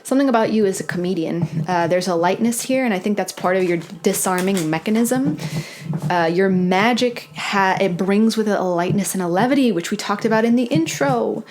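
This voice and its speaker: A woman giving an intuitive tarot reading to camera, talking in a dreamy, meandering way, often correcting herself with soft laughs. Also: mid-range voice, a little fast, slight background noise. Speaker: tarot reader.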